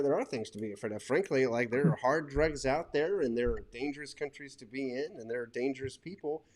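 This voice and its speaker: A man in his thirties hosting a casual panel discussion, telling stories in a rambling, animated way. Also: mid-range voice, slight background noise. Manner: rambling, animated storytelling with laughs. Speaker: host.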